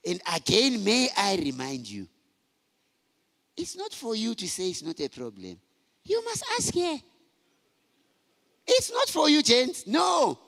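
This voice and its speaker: A middle-aged man telling personal stories to a conference, animated and shouting for emphasis. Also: high voice, slow pace, long pauses. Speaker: conference speaker. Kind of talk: motivational talk to men. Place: large conference hall. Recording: hall reverb.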